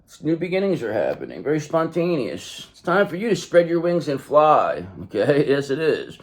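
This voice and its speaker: A man's voice: on the high side, big pitch swings, moderate pace. A man hosting a casual tarot reading, rambling and repeating himself as he talks effusively to his viewers. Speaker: tarot reader and channel host.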